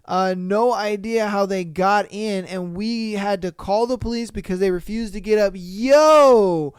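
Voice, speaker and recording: A man reads listener stories on a podcast at an unhurried pace, with a smooth, clean tone. He breaks in with loud, profane outbursts between the readings. The sound is dry and close, with no room echo. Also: high voice. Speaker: podcast host.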